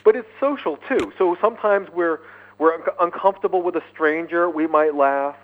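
A male author being interviewed by phone, speaking in an animated way and often repeating words as he starts sentences. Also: a little high, normal speed. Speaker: guest author, neuroscientist. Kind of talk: interview over phone line. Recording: tinny phone line.

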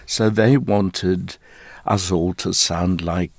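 A deep-voiced middle-aged man from South Africa gives considered answers in an interview, choosing his words with care. He speaks slowly and deliberately, close to a dry, dead-sounding mic. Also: steady tone, gravelly, no room sound. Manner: measured, thoughtful, deliberate phrasing. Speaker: interviewee, stage actor.

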